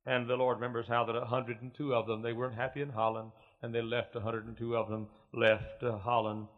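Folksy preacher, muffled old tape. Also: male voice, medium pitch, little pitch movement, a little fast. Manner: folksy storytelling that swells into loud preaching. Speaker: pastor. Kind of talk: sermon. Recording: muffled lo-fi recording.

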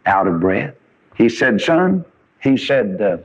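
Folksy older preacher, husky, lo-fi. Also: male voice, on the low side, big pitch swings, measured pace. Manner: folksy storytelling with rising emphasis. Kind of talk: sermon. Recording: dull lo-fi old recording.

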